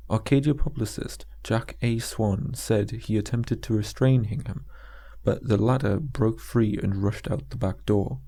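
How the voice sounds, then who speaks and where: Gravelly, very dark male narrator. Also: fairly low pitch. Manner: steady, measured storytelling. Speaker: audiobook narrator. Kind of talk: audiobook narration.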